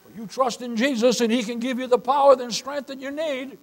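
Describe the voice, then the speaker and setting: A man's voice: extremely high pitch, fairly even intonation, brisk, poor audio. An older man preaching a sermon as pastor, emphatic and repeatedly calling his listeners beloved.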